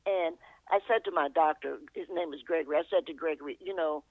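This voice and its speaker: A woman's voice: low-pitched, fairly quick, no echo. Older woman chuckling over a tinny phone line. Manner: chuckling, meandering, self-correcting. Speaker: guest author and poet. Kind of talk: reflective storytelling interview. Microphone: telephone.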